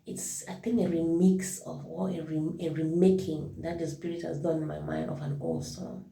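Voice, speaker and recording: A woman's voice: sits low, lively intonation, moderate pace, gravelly, warm tone. A woman giving an informal devotional talk as a worship leader, reflective and thinking aloud as she corrects herself. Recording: roomy echo, mic at a distance.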